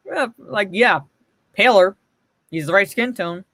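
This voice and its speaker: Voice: medium pitch, slow pace, bright, forceful tone, no room sound. A livestream host giving blunt, profane, mocking commentary and answering chat messages.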